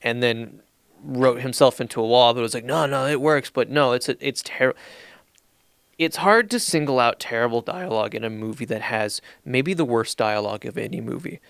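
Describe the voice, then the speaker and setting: A man of middling pitch co-hosting a casual movie chat. He mocks the film's dialogue by quoting it in a slow, flat deadpan. The sound is close and dry. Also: creaky, clean tone, no room sound. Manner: sarcastic, slow deadpan quotes of film lines. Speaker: podcast co-host.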